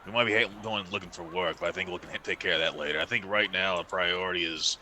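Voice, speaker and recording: A man at a tabletop game who speaks half in character and hedges each plan with fillers. His voice sits a little low, with a very bright, sharp edge to it. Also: quick pace, a little hiss or hum. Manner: casual and hesitant, with fillers and mild cursing. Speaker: player. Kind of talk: tabletop role-play, in character.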